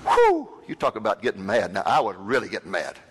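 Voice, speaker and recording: A man with a Texan accent, a TV ministry host, telling a personal testimony in a lively, dramatic way with acted-out dialogue. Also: fairly low pitch, quick pace, breathy edge, long reverb tail, poor audio.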